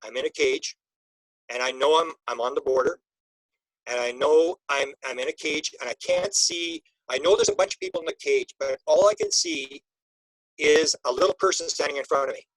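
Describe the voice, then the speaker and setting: Husky-voiced man telling a halting story. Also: fairly high pitch, big pitch swings, a bit bright, no room sound, low-quality recording. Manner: halting, with many restarts and repeated words. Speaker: interview guest. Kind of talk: emotional personal storytelling.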